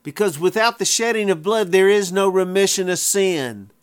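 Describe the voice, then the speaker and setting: A man's voice: sits high, moderate pace, smooth. A man preaching a sermon, emphatic, repeating phrases for effect in plain folksy wording.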